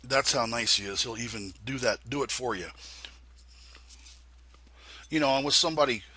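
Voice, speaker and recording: A man's voice: medium pitch, moderate pace, pushed and bright, slight background noise. A man giving a casual screen-recorded tutorial, rambling and repeating himself with many ums and uhs as he explains settings. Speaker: flight sim tutorial maker.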